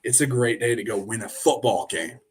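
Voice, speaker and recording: A man's voice: medium pitch, normal speed, slightly rough. A young man hosting a sports live stream, ranting and rambling with lots of fillers and restarts, talking straight into his camera. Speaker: sports show host. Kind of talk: casual live stream chat. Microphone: webcam.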